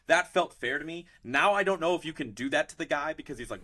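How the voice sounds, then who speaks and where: A man hosting a sports podcast, talking casually in an animated, rambling way with many restarts. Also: on the high side, quick pace, few pauses. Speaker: podcast host.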